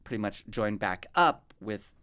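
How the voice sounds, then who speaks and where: A woman's voice: rumbling low, animated, unhurried, fairly bright tone. A woman from the US West Coast hosting a podcast in casual chat, rambling and often cutting herself off. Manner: rambling, chatty, self-interrupting. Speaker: podcast host.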